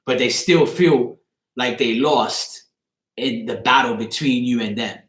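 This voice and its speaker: A man's voice: medium pitch, measured pace, fairly bright tone. A man giving a casual live-stream tarot reading, blunt and crude, rambling and often asking "you know what I'm saying". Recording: echoey room.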